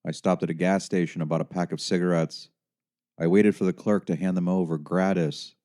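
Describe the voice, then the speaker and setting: Deep, dark-toned male audiobook narrator. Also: steady tone, brisk. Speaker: author and narrator. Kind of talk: first-person audiobook narration.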